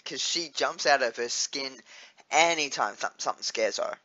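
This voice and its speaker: A man's voice: mid-range voice, unhurried, sharp tone, muffled recording. A young Australian man chatting casually in a vlog, rambling with lots of fillers and restarts and swearing freely. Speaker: vlogger.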